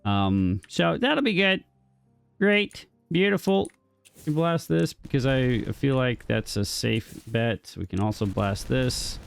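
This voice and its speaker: Slow, gravelly man narrating gameplay. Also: lowish voice, no room sound, studio quality. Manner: thinks aloud, jokey, talks to himself and the game. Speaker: gaming streamer. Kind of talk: casual gameplay commentary.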